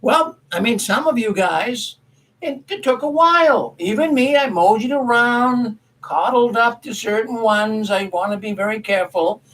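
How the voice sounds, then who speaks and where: A man's voice: very high-pitched, measured pace, fairly bright tone, low-quality recording. A man hosting a casual commentary show, telling a story in a rambling, folksy way and correcting himself as he goes. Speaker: commentary host.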